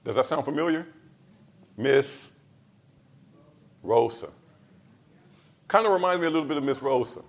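A pastor delivering a sermon, driving points home with repeated lines and swinging between loud emphasis and soft asides. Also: male voice, medium pitch, animated, moderate pace, long pauses. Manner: casual storytelling asides.

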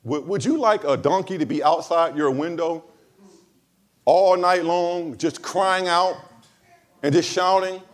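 A man preaching a sermon to his congregation, emphatic, moving between loud stressed phrases and low, quiet asides. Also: measured pace. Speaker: pastor.

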